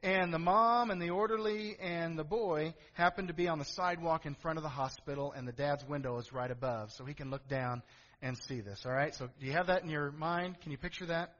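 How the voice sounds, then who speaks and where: Middle-aged man, pastor, sermon, high voice, storytelling then emphatic preaching, long church reverb. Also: steady tone, a little fast, fairly bright tone. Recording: echoey hall, dull lo-fi sound.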